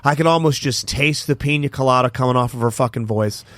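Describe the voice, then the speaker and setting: A man's voice: medium pitch, fast talker, no echo. A man co-hosting a podcast in a studio, chatting casually and telling stories with lots of swearing. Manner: profane, animated storyteller. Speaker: podcast co-host. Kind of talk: casual chat.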